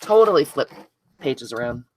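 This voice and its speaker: Chatty low-voiced woman crafting live. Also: very animated, normal speed, noisy background. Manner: chatty, self-deprecating, talks to viewers by name. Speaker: craft video host.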